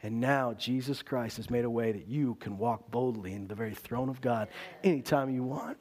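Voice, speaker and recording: A man preaching a sermon, swinging between loud emphasis and quiet intensity. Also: medium pitch, moderate pace.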